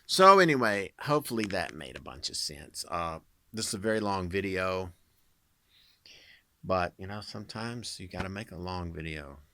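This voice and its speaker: A man's voice: low-pitched, big pitch swings, moderate pace, pushed and bright, slight background noise. A man talking in a casual, rambling vlog, jokey and full of fillers. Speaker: vlogger and singer.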